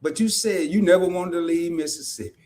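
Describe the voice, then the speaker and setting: A man with a Southern US accent hosting a casual interview, telling animated stories and laughing often. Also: sits high, fairly quick. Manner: animated storyteller, laughs often, mimics sayings. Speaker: podcast host.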